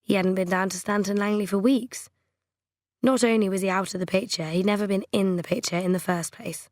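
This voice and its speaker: A woman's voice: medium pitch, fairly even intonation, a little fast, a little mellow, no echo, studio quality. Woman narrating a novel. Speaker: audiobook narrator. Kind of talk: scripted narration.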